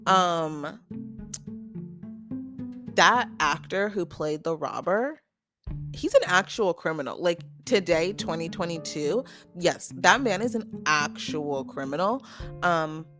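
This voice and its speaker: A young woman hosts her own podcast in a loose, chatty way, tossing out strong opinions and side comments. Her voice sits a little low for a woman. Soft guitar music plays faintly underneath. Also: expressive. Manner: chatty and opinionated, lots of "like" and quick asides. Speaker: podcast host. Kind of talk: casual solo podcast chat.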